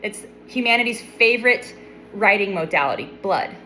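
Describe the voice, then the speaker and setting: A young adult woman retells a Bible story in a casual, chatty way, breaking off for wry, playful asides. Her voice sits at a medium pitch, and a faint hum of noise runs quietly underneath. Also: lively intonation, moderate pace, rough recording.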